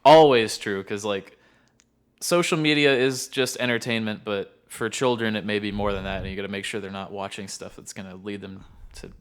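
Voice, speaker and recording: A man's voice: lowish voice, steady tone, moderate pace, clean tone. A man co-hosting a podcast, talking loosely about his work with autistic clients, with many filler words. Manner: rambling, loose, lots of filler words and laughs. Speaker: podcast co-host who works with autistic clients. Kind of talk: casual podcast chat.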